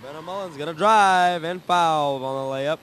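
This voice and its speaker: A young man calling a high school girls basketball game, jokey and growing excited on big plays. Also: normal speed, a little hiss or hum, rough recording. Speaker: play-by-play commentator. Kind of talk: sports commentary.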